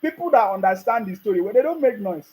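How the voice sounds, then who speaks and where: Mocking and often laughing, this Nigerian-accented man rants about politics as a commentator, laughing at opponents and scolding whoever's listening. His voice sits high with a slightly mellow quality, and the recording quality is low.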